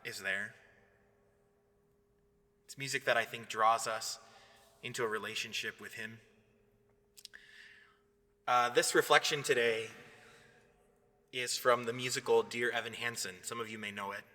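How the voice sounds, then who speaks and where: A man, a priest, giving an earnest, measured devotional reflection. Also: medium pitch, pushed and bright. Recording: long hall reverb.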